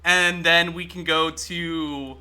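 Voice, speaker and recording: A man streaming a game live, chatting excitably with his viewers and swearing freely as he plays. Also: on the high side, slow pace, clean tone. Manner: talks to chat while playing. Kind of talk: casual live-stream gaming commentary.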